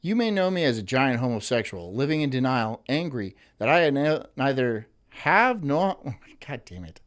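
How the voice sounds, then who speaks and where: Swearing, lively-voiced male streamer. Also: mid-range voice, moderate pace. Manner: swears often, stumbles and restarts, exasperated banter. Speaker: streamer reading viewer donations. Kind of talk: casual live-stream chat.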